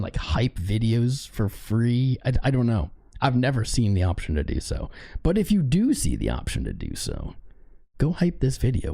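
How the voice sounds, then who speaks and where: A man with a hoarse, worn-out voice hosting a livestream, loosely and playfully calling out viewers by name. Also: mid-range voice, mellow. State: hoarse, voice mostly gone. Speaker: crypto trading livestream host. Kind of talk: casual livestream chat.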